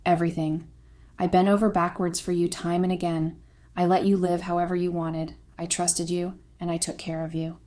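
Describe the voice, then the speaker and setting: A woman voicing a heartbroken husband who speaks low and evenly, with a quietly cutting edge. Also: little pitch movement, normal speed, close to an everyday voice. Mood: bitter, low. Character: heartbroken betrayed husband, calm turning bitter.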